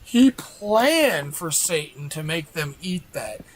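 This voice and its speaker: High-voiced man ranting on livestream. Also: sing-song, takes it slowly, poor audio. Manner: argumentative, rhetorical questions, repeats himself. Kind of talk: casual livestream rant.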